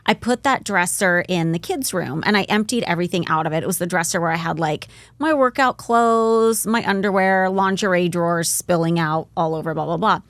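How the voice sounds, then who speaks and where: A woman in her thirties co-hosting a podcast, telling a story in a lively, casual way with lots of fillers. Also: lowish voice, a little fast, dry recording. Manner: animated storyteller, many "like" fillers. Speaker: podcast co-host.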